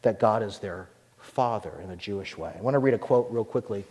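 A man preaching a sermon as pastor, animated and acting out the voices he quotes. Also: lowish voice, brisk, in a large hall.

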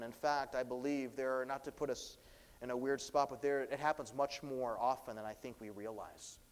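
A pastor delivering a sermon, preaching with swelling, dramatic emphasis. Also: male voice, mid-range voice, long reverb tail.

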